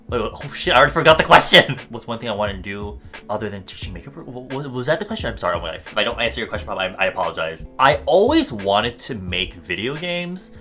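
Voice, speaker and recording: A young man from the States chats through a Q&A vlog, his voice bright and forward. He drifts into tangents and swears freely, at a mid pitch, with faint music behind him. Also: sing-song, fast talker. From United States. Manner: rambling, swears often, goes off on tangents. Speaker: YouTuber answering viewer questions. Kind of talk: casual Q&A vlog.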